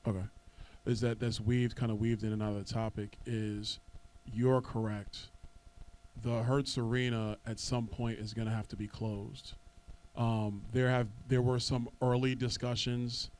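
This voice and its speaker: A man, an elected official, answering residents at a town hall in a measured, explanatory way with frequent fillers. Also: medium pitch, level tone, darkish tone, a little hiss or hum. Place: community center meeting room.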